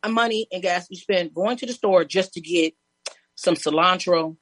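A woman guest telling lively stories in casual chat, laughing and acting out other people's lines. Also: on the low side, moderate pace, no room sound. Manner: animated, laughing, acts out neighbors' lines.

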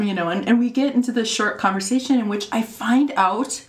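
A woman in her thirties casually telling a personal story, animated and laughing often, her voice jumping high when excited. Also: fairly quick. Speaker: storyteller guest.

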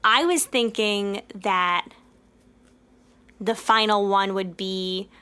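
A woman's voice: mid-range voice, fairly even intonation, slow pace, pushed and bright, clean tone. A young woman co-hosting a comedy podcast, riffing on improvised bits and laughing easily. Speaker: podcast co-host.

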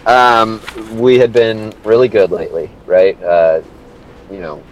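A man's voice: lowish voice, little pitch movement, a little slow, slight background noise, poor audio. A man, a young adult, co-hosting a podcast and telling a rambling, profane story in a casual chat. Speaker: podcast co-host. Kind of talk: casual crude podcast banter.

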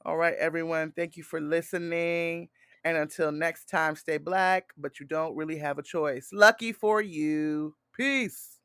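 A man's voice: on the high side, fairly even intonation, a little slow, a bit bright, clear, resonant tone, dry recording, clean studio sound. A man hosting a podcast in casual chat, earnest and affirming, often restarting his sentences. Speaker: podcast host.

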